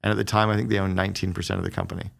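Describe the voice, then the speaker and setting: A middle-aged man with a very low, heavily gravelly voice talks at a rapid clip. He tells stories as a podcast guest, lively and conversational, slipping into the voices of the people he quotes. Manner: fast, animated storyteller who acts out quoted dialogue. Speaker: guest, business strategist.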